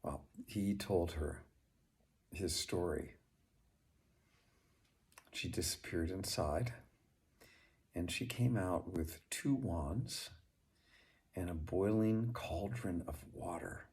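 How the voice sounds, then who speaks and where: Slow, deep-voiced male storyteller. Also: lively intonation, darkish tone. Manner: unhurried, chatty asides to the listener. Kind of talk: storytelling narration.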